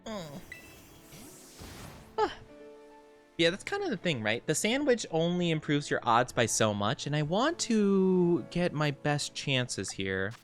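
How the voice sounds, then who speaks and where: A young man streaming a game as a VTuber, chatting casually and rambling with lots of fillers and quick laughs. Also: a little high, wildly swooping pitch, faint music behind. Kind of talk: casual chat while playing a game.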